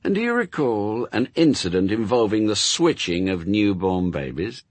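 Man voicing a sardonic demon, snappy and sarcastic, pitch leaps around, slightly husky, storybook reading. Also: sing-song, moderate pace, dry recording. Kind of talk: audiobook character voice.

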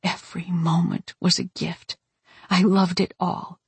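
Low, husky woman narrating an audiobook. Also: flat delivery, unhurried, no echo. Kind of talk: first-person audiobook narration.

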